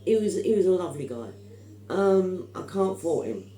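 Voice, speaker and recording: A woman's voice: fairly low pitch, big pitch swings, normal speed, mellow, roomy sound, slight background noise, poor audio. A middle-aged woman, telling stories in casual chat, emphatic and opinionated. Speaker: vlogger.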